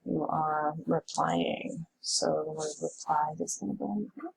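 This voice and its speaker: A woman's voice: deep voice, a little slow, vocal fry, a little hiss or hum, rough recording. A woman teacher giving a recorded spelling lesson, patiently sounding out words.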